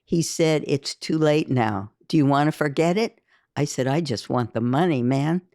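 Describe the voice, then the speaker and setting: A woman's voice: low voice, normal speed, mellow, dry recording, studio quality. A woman reading a first-person memoir aloud, with an intense, emphatic delivery that rises for heated quoted speech. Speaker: audiobook reader.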